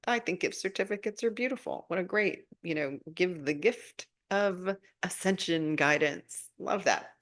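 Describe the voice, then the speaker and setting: Animated woman host answering viewer comments. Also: measured pace, hardly any pauses. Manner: warm, animated, laughs often, swoops up in pitch when excited. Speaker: spiritual guidance host. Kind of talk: casual live-stream talk answering viewer comments.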